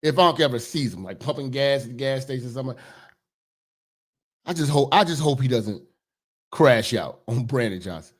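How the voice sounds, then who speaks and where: Heated profane man ranting, lively pitch. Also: normal speed, pauses often. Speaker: commentary host. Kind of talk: ranting commentary.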